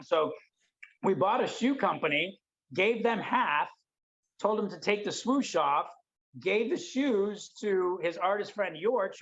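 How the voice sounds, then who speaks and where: High-voiced, excitable man, dull lo-fi stream. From Detroit, United States. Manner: energetic, excitable, acts out dialogue. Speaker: interview guest. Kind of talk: animated storytelling in an unedited livestream. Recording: dull lo-fi livestream audio.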